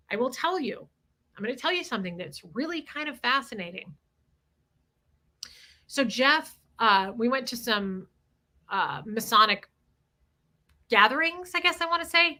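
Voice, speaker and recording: A middle-aged woman hosting a livestream, telling a story in a candid, animated way and swearing freely. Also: on the high side. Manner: animated, candid, swears freely, reads super chats aloud. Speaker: livestream host.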